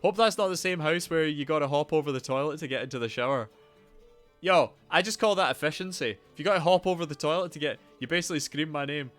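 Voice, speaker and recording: A young man live-streaming a game, chatting casually and loudly greeting viewers by name, with a rambling, swearing manner. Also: fairly high pitch, quick pace, faint music behind. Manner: animated, loud greetings to viewers.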